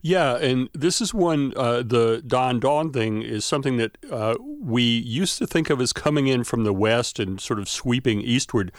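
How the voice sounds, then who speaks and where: A male academic guest on a radio show, thoughtfully explaining with frequent pauses and fillers. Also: mid-range voice, dry recording, clean studio sound. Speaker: guest expert, folklore and language scholar.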